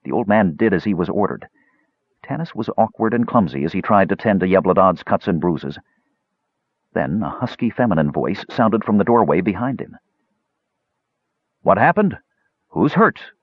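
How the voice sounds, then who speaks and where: A man narrating a fantasy story in a dramatic, expressive reading. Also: low voice, normal speed, breathy edge, no room sound, lo-fi sound. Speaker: audiobook narrator.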